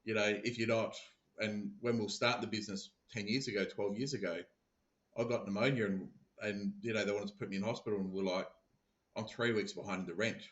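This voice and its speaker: A low-pitched man talks through his sales stories in a casual podcast chat, often stumbling and repeating words as he restarts a thought. His voice sounds roomy and a little dull, as if it was recorded remotely in an echoey room. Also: steady tone, fast. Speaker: podcast guest, sales business founder. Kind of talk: casual conversation.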